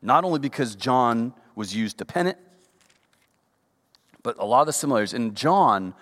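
A man preaching a sermon, reading Bible verses aloud and explaining them, his voice climbing high for emphasis. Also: expressive, moderate pace, fairly bright tone, in a large hall.

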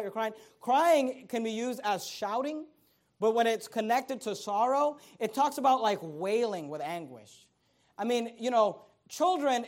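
A pastor preaching a sermon in a conversational style, with rhetorical questions and loud, rising emphasis. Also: male voice, high-pitched.

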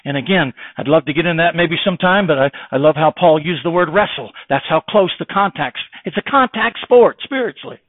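A man's voice: expressive, brisk, hardly any pauses, no room sound. A male pastor preaching an impassioned sermon, firing rhetorical questions and quoting old scripture phrasing. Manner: impassioned preaching, swinging from loud exhortation to low earnest tones. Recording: dry, tinny phone-like sound.

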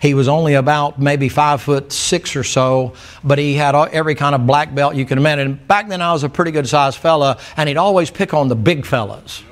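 A man's voice: on the high side, fairly quick, few pauses. A middle-aged man preaching a sermon in church, blunt and folksy, telling stories. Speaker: pastor.

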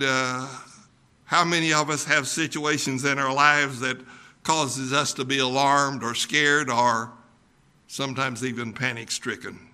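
An older man preaching a sermon, folksy and unhurried, with frequent ums and uhs. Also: mid-range voice, pushed and bright. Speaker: pastor.

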